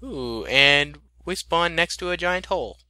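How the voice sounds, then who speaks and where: A man's voice: fairly high pitch, expressive, a little slow, sharp tone, clear, resonant tone, dry recording. A man playing a game with a friend in casual chat, stammering and giggling often. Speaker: gamer.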